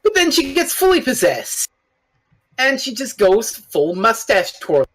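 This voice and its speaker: A podcast guest in a casual review chat, talking in an animated, blunt way and swearing casually. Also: mid-range voice, unhurried.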